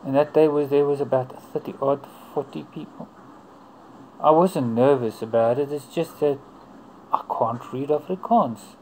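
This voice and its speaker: A man telling a personal faith testimony in an earnest, unhurried way, in short broken phrases. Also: mid-range voice, darkish tone, a little hiss or hum, low-quality recording. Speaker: churchgoer giving testimony.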